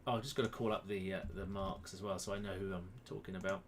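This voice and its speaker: Low, flat, and fast, a man's voice comes through a close-up webcam with slight background noise. He's a quiz host streaming live from a room at home, chatty and self-mocking as he greets viewers by name in casual conversation.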